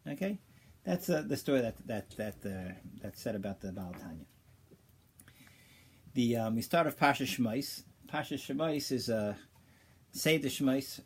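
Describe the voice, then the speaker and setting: At medium pitch, with a faint hiss or hum in the recording, a man teaches an informal Torah class. He tells a story casually and haltingly, restarting often, dropping in Hebrew and Yiddish terms and growing animated as he builds his point.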